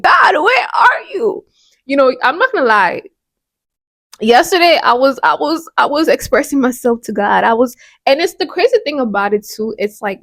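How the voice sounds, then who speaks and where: A woman hosting a faith podcast, speaking earnestly and casually in a fairly high voice. She often stops and restarts her phrases. The sound is dry and close, with no room echo. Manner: earnest and conversational, with frequent restarts. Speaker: podcast host. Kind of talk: devotional podcast talk.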